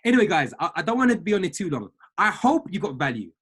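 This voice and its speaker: A man's voice: high-pitched, big pitch swings, quick pace, a bit bright, breathy edge. A man, a trading mentor giving a fired-up motivational talk on a group call, repeating phrases like a preacher.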